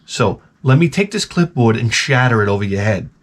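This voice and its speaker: A man's voice: mid-range voice, animated, brisk. Profane, rambling male vlog host. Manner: jokey, exaggerated. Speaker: YouTube host. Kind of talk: comedic rant to camera.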